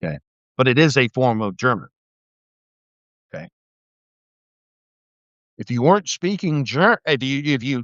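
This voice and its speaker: A man's voice: mid-range voice, big pitch swings, measured pace, pauses often, a bit bright, no echo. An older man ranting on a livestream about politics, profane and mocking, stammering into restarts when he gets heated. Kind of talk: angry political rant on a livestream. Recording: dull dry lo-fi livestream audio.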